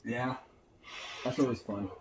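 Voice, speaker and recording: A man co-hosting a casual comedy podcast, animated and swearing freely as he acts out other people. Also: mid-range voice, measured pace, echoey room. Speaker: podcast co-host. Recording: dull lo-fi podcast audio.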